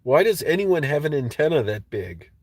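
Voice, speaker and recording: A man's voice: fairly high pitch, sing-song, normal speed, darkish tone, dry recording. Profane ranting man, dry close sound. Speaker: livestream host. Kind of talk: casual livestream rant.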